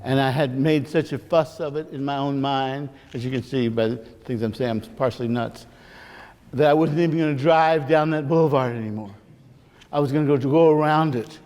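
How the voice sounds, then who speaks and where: A man's voice: medium pitch, moderate pace, darkish tone. A man, a priest, telling a personal story in a rambling, confiding sermon with many asides. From Missouri, United States. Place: large church hall. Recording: long hall reverb.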